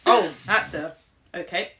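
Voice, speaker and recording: A woman's voice: unhurried, a little hiss or hum. A woman co-hosting a podcast, chatting casually over a card game, laughing often and swearing freely. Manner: giggly, swearing, lively pitch. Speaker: podcast co-host.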